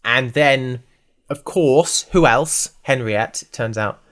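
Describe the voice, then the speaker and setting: A man's voice: medium pitch, slow pace, a bit bright. A man co-hosting a podcast, chatting casually and rambling through a show recap with lots of asides and jokes. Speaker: podcast co-host. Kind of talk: casual chat recapping a TV series.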